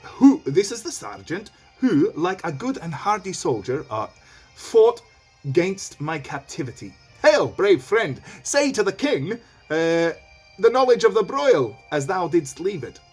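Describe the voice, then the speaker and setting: A man's voice: high voice, sing-song, a little slow, a little mellow, breathy edge, faint music behind, voice pushed up, exaggerated voice. A man voicing a young prince, reading his lines in a theatrical, exaggerated way. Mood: eager. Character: young prince praising a soldier, male.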